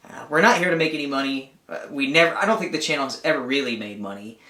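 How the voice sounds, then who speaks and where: A man's voice: mid-range voice, fast, pushed and bright, echoey room. A man co-hosting an outdoor gear channel, chatting casually and rambling a little with lots of "like". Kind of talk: casual chat.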